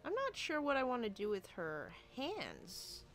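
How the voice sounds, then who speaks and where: A woman talks through a character design as she draws, at a slow, unhurried pace. She muses aloud and hesitates, restarting her sentences and filling pauses. Soft music plays faintly in the background. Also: a little high, wildly swooping pitch. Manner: musing, hesitant, with many fillers and restarts. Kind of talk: casual thinking-aloud commentary while drawing.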